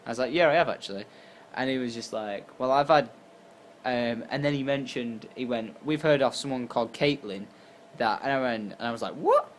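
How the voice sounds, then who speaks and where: A tired young man from England telling a story casually to camera, acting out his own lines with sudden jumps in pitch and loudness. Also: brisk, a little hiss or hum. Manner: animated, acts out quotes with jumps in pitch and volume. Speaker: YouTuber.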